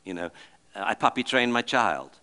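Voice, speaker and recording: A middle-aged man giving a talk to an audience, telling lively stories and acting out the voices in them. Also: fairly low pitch, moderate pace. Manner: animated, acts out the voices of the people and dogs in his stories. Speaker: speaker giving a public talk.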